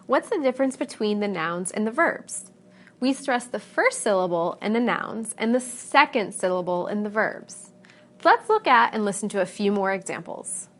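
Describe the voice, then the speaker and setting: A woman with a North American accent narrating a scripted pronunciation lesson, saying each example word slowly and with clear stress. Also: mid-range voice, lively intonation. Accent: North American English. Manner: slow, careful, stresses example words. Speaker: English pronunciation teacher.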